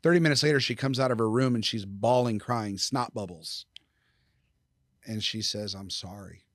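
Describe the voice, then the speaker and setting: A man's voice: medium pitch, normal speed, dry recording, clean studio sound. A middle-aged man speaking as a podcast guest, telling stories in a candid, casual way, swearing freely and acting out quoted dialogue. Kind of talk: casual storytelling.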